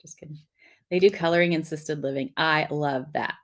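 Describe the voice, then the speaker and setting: A woman's voice: low-pitched, steady tone, a little fast. A middle-aged woman, hosting a live lettering class, chatting casually and reading viewer comments while she draws. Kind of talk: live-streamed craft lesson.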